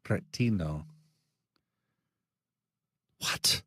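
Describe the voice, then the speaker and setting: A man's voice: deep voice, drawn-out words, bright, forceful tone, no room sound, clean studio sound. A man co-hosting a casual podcast, jokey and theatrical, often mock-offended. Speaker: co-host.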